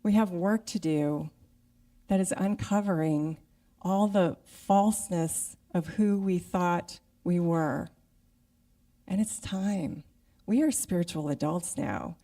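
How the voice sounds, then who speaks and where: A woman's voice: fairly low pitch, fairly even intonation, measured pace, mellow, distant mic. A middle-aged woman giving a conversational sermon as guest speaker, acting out her own inner voice. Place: church sanctuary.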